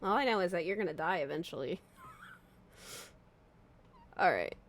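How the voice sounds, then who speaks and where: Streaming a horror game, a young woman talks slowly in a lowish, animated voice, with a little hiss or hum in the audio. She chats casually through her let's-play, jumping at scares with shrieks and laughter.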